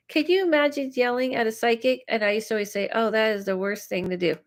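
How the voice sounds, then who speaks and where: A psychic host gives live readings on a stream, chatting and reacting aloud to viewer comments. Her voice is a little high and her pace moderate.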